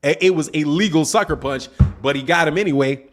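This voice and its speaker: A man's voice: fairly high pitch, brisk, faint music behind. Slangy man hosting a boxing livestream. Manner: laid-back slangy talk, says man and dog often. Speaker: boxing channel host. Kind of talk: casual livestream commentary, reading chat.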